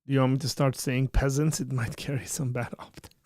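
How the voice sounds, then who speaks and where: A man's voice: medium pitch, level tone, a little fast, a little mellow, dry recording, clean studio sound. A man hosting a live stream, chatting casually and joking as he reads viewer comments aloud.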